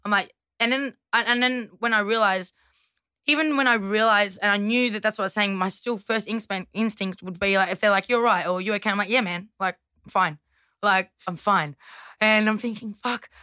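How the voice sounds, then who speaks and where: An Australian woman with a bright, forceful tone, talking bluntly and swearing freely. She laughs often between her sentences. The recording is dry and close. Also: medium pitch, fairly even intonation, a little fast, clear, resonant tone, no echo. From western Sydney, Australia. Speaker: guest, boxer. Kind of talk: casual chat.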